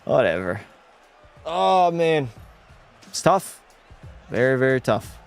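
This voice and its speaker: A man's voice: medium pitch, sing-song, takes it slowly, vocal fry, faint music behind. A young man streaming a hockey video game, commenting live and talking to his chat while ranting in frustration and swearing at the game. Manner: talks to chat.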